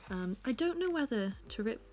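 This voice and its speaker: A woman's voice: fairly high pitch, sing-song, moderate pace, a little mellow. A young British woman chatting casually at home while she sketches, rambling and self-deprecating. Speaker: art vlogger. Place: her living room at home.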